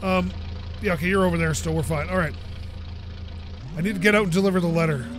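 Excitable male game commentator with a high voice, engine rumble loud under him. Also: quick pace. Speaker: let's play host. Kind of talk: casual gameplay commentary.

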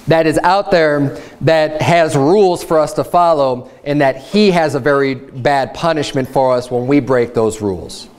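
A young adult man preaching a sermon at a church service, frank and conversational, with stories from his own life. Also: on the high side. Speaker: pastor.

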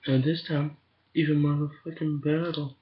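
A man's voice: on the high side, little pitch movement, normal speed. A man in casual webcam chat, rambling and profane, recorded on a webcam mic. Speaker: vlogger. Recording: dull lo-fi webcam audio, faint hiss.

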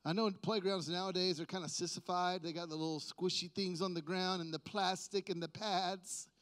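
A pastor preaching a casual, joking sermon, dropping to quiet asides and then building to loud, emphatic peaks. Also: male voice, high voice, gravelly. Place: church sanctuary.

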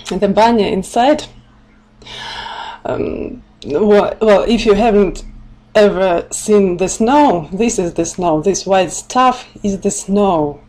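A Russian woman from Siberia talks through a casual live-streamed lesson at an unhurried, deliberate pace. Her English is chatty and loose, with frequent laughs and Russian words slipped in. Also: mid-range voice, a little mellow. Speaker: language teacher. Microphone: laptop or webcam mic.

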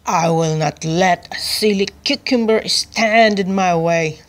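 A woman voicing a cruel, greedy, fat cabbage king in a children's storybook, loud and commanding. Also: fairly low pitch, takes it slowly.

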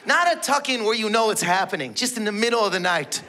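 A man's voice: high-pitched, animated, fast, crowd noise, noisy background. A male stand-up comedian in his thirties, telling rambling, self-interrupting stories about his mother into a stage mic. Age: 30s.

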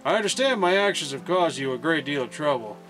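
A man's voice: a little high, expressive, fast talker, fairly bright tone, faint music behind. A man reading as a formal old school director. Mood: earnest. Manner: reading dialogue aloud, stumbling over words.

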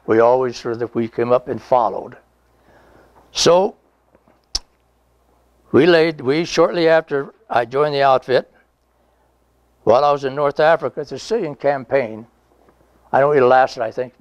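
A man's voice: medium pitch, no echo, highs cut off. A man in his nineties, a veteran being interviewed, telling a rambling, folksy story with chuckles and reenacted dialogue. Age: 90s. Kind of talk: conversational oral history storytelling.

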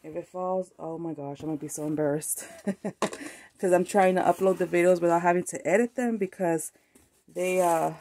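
A woman with a slightly low voice gushes over craft mail on her vlog. She is excitable and sometimes teary. Her voice drifts nearer to and farther from the camera mic. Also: moderate pace, a little hiss or hum. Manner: gushing, excitable, tearful at times. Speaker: craft vlogger. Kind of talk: casual unboxing chat.

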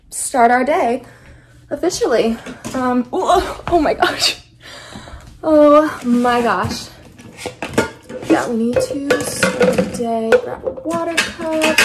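A woman's voice: on the high side, darkish tone. A young woman chatting casually to camera in her apartment, with lots of "like" fillers, now and then talking to her dogs. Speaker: vlogger. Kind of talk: casual vlog chat to camera. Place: apartment at home. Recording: echoey room, noisy background.

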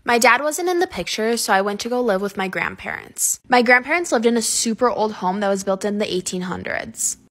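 A woman telling a scary story from her own life to camera, in an earnest, steady way. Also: on the high side, fairly quick, few pauses.

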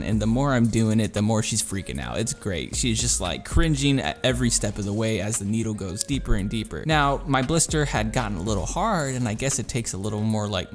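A young man vlogger telling a story in a casual way. He swears freely and acts out the voices of the people in it. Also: mid-range voice. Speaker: YouTuber.

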